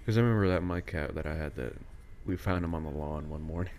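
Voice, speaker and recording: A man's voice: extremely low pitch, fast talker, vocal fry, darkish tone, slight background noise. A man co-hosting a podcast in casual chat, rambling and hesitant. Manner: rambling, hesitant, many fillers and restarts. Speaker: podcast co-host.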